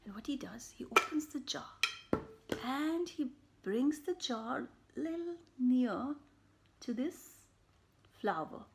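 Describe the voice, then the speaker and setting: Slow, animated woman telling a children's story. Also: high voice, gravelly, slight background noise. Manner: slow and animated, with sound effects and soft whispered asides. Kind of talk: children's story read-aloud.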